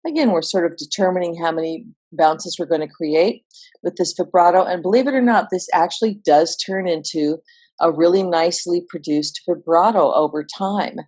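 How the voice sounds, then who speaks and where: A woman vocal coach explaining singing exercises in a relaxed, instructional way. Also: on the low side, moderate pace. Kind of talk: instructional voice lesson.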